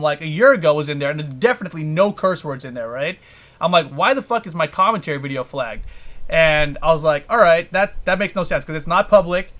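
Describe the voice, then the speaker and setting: Bright-voiced man ranting casually. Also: fairly high pitch. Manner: ranting, heavy swearing. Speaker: podcast host. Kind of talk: casual podcast chat.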